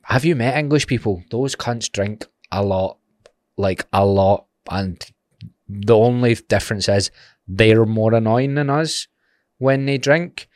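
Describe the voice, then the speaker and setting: A man's voice: on the low side, measured pace, darkish tone, no echo, clean studio sound. A young man with a Glaswegian Scottish accent, hosting a solo podcast in a rambling, sweary, jokey way. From Glasgow, Scotland. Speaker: podcast host. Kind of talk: casual solo podcast chat.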